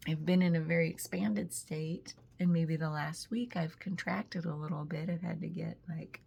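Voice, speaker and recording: A woman hosting a spiritual reflection channel, talking in a casual, thoughtful monologue that often breaks off mid-word and slips into soft whispered asides. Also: deep voice, fairly even intonation, normal speed, gravelly, husky.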